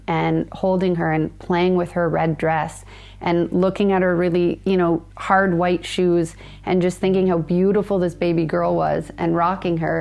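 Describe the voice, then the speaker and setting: A woman in her thirties recounts her memories slowly and thoughtfully, pausing and restarting often. Her voice is fairly low with a gravelly fry. Faint music sits underneath. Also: darkish tone. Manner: reflective, halting, many fillers and restarts. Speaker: guest. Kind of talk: personal storytelling in conversation.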